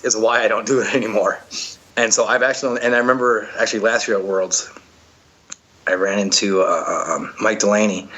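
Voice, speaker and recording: A man's voice: fairly low pitch, bright, forceful tone, breathy edge, poor audio. A man telling stories from an obstacle race in a casual, rambling way, full of fillers and restarts. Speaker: podcast guest, obstacle racer. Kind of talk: casual storytelling chat.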